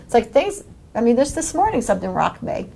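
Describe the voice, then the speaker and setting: A woman's voice: fairly high pitch, sing-song, a little fast, gravelly, dark tone, slightly rough. A woman leading a live coaching workshop for a group, talking energetically, laughing often and acting out quoted lines. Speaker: workshop leader.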